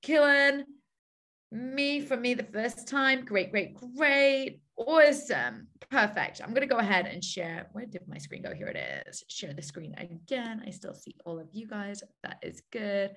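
A woman's voice: a little high, very animated, a little slow, a bit bright. A woman hosting a team video call, coaching listeners in an upbeat way and repeating her key points. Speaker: call host.

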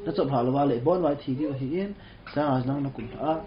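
A man interpreting a lesson live, halting and searching for words. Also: medium pitch, roomy sound. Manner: halting, with fillers and restarts. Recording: dull muffled recording.

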